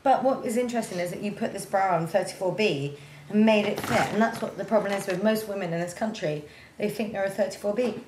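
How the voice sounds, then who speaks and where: A woman's voice: medium pitch, fast talker. A woman co-hosting a podcast, teasing and playful in casual chat, laughing often. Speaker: podcast co-host. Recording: roomy echo, faint noise.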